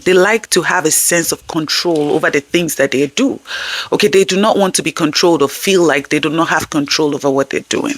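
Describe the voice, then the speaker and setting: A woman's voice: sits low, no echo. Earnest woman giving parenting tips. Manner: earnest, checks in often with "okay?". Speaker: parenting channel host. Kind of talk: conversational parenting tips to camera.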